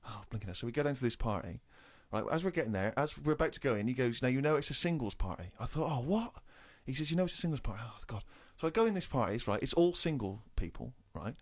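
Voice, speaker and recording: Fast-talking English man telling a story. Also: mid-range voice. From England. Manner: animated storytelling, rising indignation. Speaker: co-host telling an anecdote. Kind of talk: casual comedy podcast chat.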